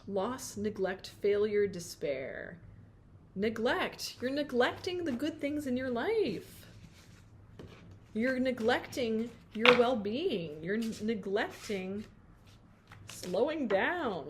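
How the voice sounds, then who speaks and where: A woman's voice: fairly high pitch, lively intonation, slow, slight background noise. A woman doing a pick-a-card tarot reading, chatty and playful, often breaking off mid-thought and laughing at herself. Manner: chatty, self-interrupting, sings snatches of song.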